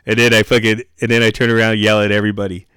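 Brief: lower-voiced male guest, camp director spinning crude anecdotes, slangy and profane, dry untreated mic. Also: level tone, racing, clear, resonant tone, dry recording. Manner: profane, slangy, keeps saying bro; acts out quoted yelling in raised voice. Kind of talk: casual storytelling chat.

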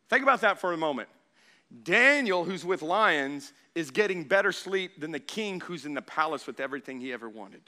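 A man preaching a sermon in a high, very bright voice. He tells the story quietly at first, then climbs into loud, animated preaching, acting out the lines of the people in it. The sound is sharp and ringing. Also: normal speed. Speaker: pastor.

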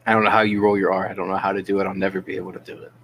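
A man's voice: low voice, level tone, a bit bright. A man in casual podcast banter, cheerfully admitting what he cannot do. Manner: self-deprecating, talks fast.

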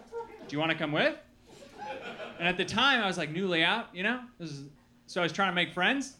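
A man from Milwaukee performing a stand-up comedy set, telling stories with animated acted-out quotes. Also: high-pitched, fast. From Milwaukee, Wisconsin. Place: comedy club with live audience.

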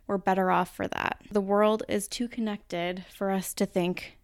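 A woman's voice: mid-range voice, flat delivery, measured pace, dry recording, studio quality. A woman with a Minnesota accent hosting a podcast, explaining ideas in a chatty, casual way with the odd swear word. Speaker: podcast host.

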